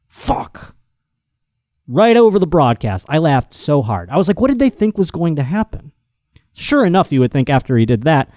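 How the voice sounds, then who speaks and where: Profane, mellow-voiced male podcast host. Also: mid-range voice, no echo, studio quality. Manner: profane, animated storytelling with impressions. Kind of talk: casual comedic monologue.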